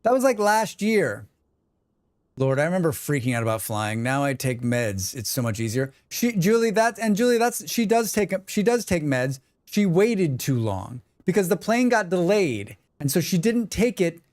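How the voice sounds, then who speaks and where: A man chatting casually on a gaming livestream, excitable and swearing freely while he talks to his viewers. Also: fairly high pitch, normal speed, no echo, studio quality.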